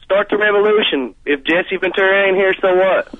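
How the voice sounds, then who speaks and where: A male caller from Arkansas talks in stumbling, angry bursts. His fairly high voice comes through a tinny phone line that sounds dry and close. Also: moderate pace, dry recording.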